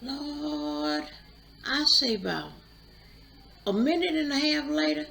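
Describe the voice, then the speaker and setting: A woman's voice: high voice, animated, creaky, pushed and bright, a little hiss or hum, poor audio. A woman hosting her channel, chattily retelling a movie plot with asides. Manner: chatty, drawn-out storytelling with asides. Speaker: YouTube channel host.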